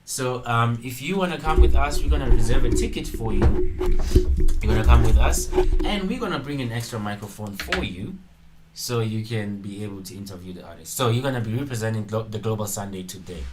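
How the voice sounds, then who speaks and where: A man's voice: lowish voice, brisk, loud music behind the voice, poor audio. A man hosting a casual studio chat, teasing and laughing as he talks. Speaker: show host.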